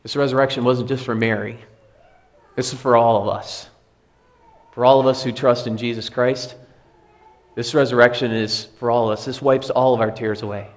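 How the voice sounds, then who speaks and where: A pastor giving a sermon in a church, speaking conversationally and repeating key phrases for emphasis. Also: male voice, mid-range voice, steady tone, normal speed, long pauses. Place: church sanctuary.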